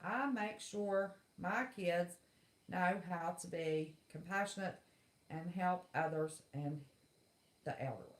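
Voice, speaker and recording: With a fairly low voice and an unhurried delivery, a middle-aged woman from West Virginia vents on her casual livestream. She comes across as blunt, folksy, and exasperated, recorded in an echoey room.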